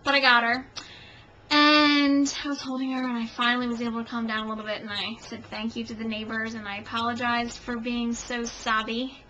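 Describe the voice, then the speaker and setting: A young woman tells a long story to her camera at home, animated and self-mocking. Her voice is high and bright. The recording is dull and lo-fi, with a faint hiss behind her. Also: brisk. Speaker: vlogger.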